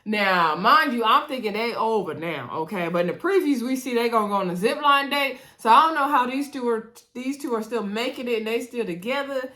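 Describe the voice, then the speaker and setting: A woman's voice: fairly high pitch, lively intonation, fairly quick, hardly any pauses, sharp tone. A woman recapping a reality dating show in a casual, chatty way, with an African American English accent, acting out quotes and talking straight to viewers. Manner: chatty, retells scenes with quoted voices and asides to viewers.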